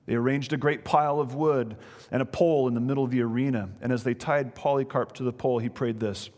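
A male preacher tells a story in an animated way, often turning to speak directly to his listeners. His voice sits at a middle pitch. A long reverb hangs behind him, as in a large hall. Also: fast. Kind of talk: sermon storytelling.

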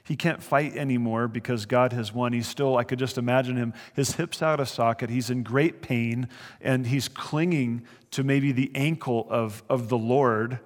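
A man's voice: medium pitch, steady tone, normal speed. Conversational male pastor in a reverberant hall. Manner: conversational and earnest, with brief chuckles. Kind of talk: sermon, verse-by-verse Bible teaching.

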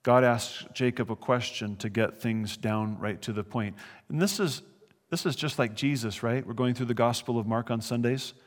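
A man's voice: medium pitch, steady tone, normal speed. Conversational male pastor in a reverberant hall. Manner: conversational and earnest, with brief chuckles. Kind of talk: sermon, verse-by-verse Bible teaching.

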